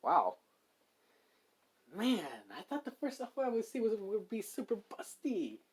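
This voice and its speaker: A man's voice: high-pitched, big pitch swings, measured pace, slightly rough, pitched above the performer's own voice, heavily acted. A man voicing a cocky young male hero reborn as a slime, casual and slangy in an amateur storytelling.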